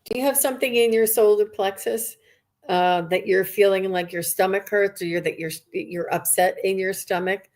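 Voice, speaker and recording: A woman's voice: mid-range voice, fairly even intonation, normal speed, a little mellow. A woman working as a psychic medium, giving a live reading to viewers in an earnest, rambling way with many restarts.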